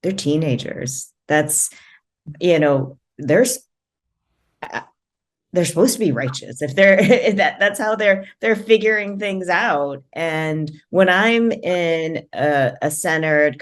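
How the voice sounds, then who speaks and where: Woman, very low voice, relaxed, reflective, casual panel talk. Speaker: parent on a discussion panel. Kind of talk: casual discussion.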